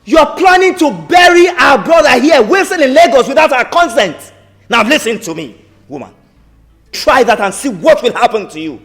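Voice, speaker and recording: A man's voice: extremely high pitch, animated, normal speed, a bit bright, reverberant, recorded from a distance, full character voice. An actor with a Nigerian accent playing an outraged uncle who confronts his brother's widow. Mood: threatening. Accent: Nigerian English. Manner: accusing, demanding.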